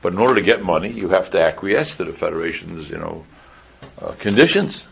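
A rabbi delivers a relaxed Torah class in a deep voice with a gravelly, fried edge. His tone is husky rather than clear. He talks casually and keeps circling back to sharp rhetorical questions. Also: fairly quick. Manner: conversational, repeats pointed rhetorical questions. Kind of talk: informal Torah lecture.

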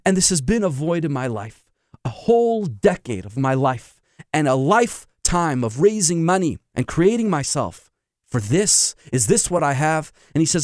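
A man's voice: on the high side, sing-song, normal speed, darkish tone, no room sound, studio quality. Emphatic man preaching with rhetorical questions. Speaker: rabbi. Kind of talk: sermon with storytelling.

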